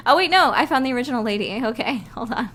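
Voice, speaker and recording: A woman's voice: fairly high pitch, lively intonation, fast, a bit bright. A woman game developer chatting casually and rambling on a live stream, often breaking into giggles.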